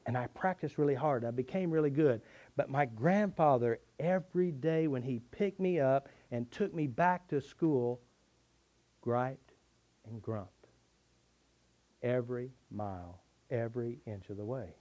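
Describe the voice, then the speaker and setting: An earnest middle-aged man tells a personal story while he teaches his therapy method. His voice sits at a middle pitch, and his emphasis rises and falls as he talks through old hurts. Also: measured pace, mellow. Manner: earnest, confessional, with shifting emphasis.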